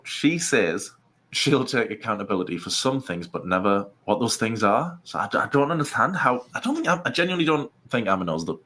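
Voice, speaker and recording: Man, lowish voice, opinionated reaction commentary, rambling asides. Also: fairly bright tone. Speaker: co-host. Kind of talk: casual commentary.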